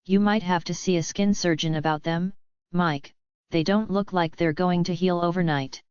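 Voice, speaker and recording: Read by a woman concerned healer, very clear, dry voice. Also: lowish voice, normal speed, a little mellow, no room sound, lightly acted. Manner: concerned, matter-of-fact. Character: woman healer, caring but frowning. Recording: dull lo-fi audiobook recording.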